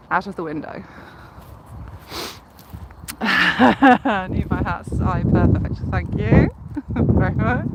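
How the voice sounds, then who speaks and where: Walking along a riverside cycle path, a young Leicestershire livestreamer chats in a mid-range voice, taking it slowly with long pauses. Her softened Leicestershire accent comes through careful enunciation and giggles, against loud wind and traffic outdoors.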